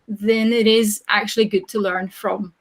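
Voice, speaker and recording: A woman's voice: medium pitch, flat delivery, normal speed. A woman hosting an informal Q&A, encouraging her guest and framing questions. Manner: encouraging, frequent mm-hmm backchannels. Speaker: host. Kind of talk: informal Q&A discussion.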